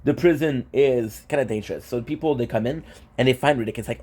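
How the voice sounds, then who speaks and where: Mellow-voiced young man rambling casually. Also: medium pitch, fast. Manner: rambling, with fillers and restarts. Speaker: vlogger. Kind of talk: casual vlog chat.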